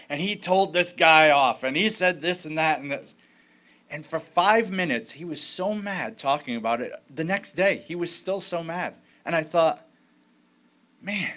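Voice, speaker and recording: A man's voice: a little high, fairly bright tone. A man preaching a sermon as pastor, in a conversational storytelling way with frequent restarts.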